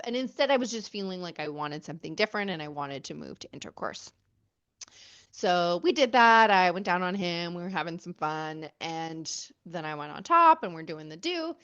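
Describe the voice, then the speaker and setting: A woman's voice: mid-range voice, a bit bright. Candid woman podcaster, dull lo-fi sound. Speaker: podcast host. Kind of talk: personal storytelling podcast.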